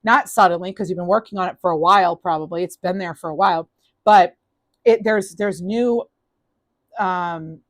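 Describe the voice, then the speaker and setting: A woman's voice: lowish voice, normal speed, dry recording. Upbeat woman reading tarot, dry close sound. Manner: chatty, upbeat, frequent restarts and fillers. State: clearing throat, losing voice. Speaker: tarot reader. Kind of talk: casual spoken tarot reading.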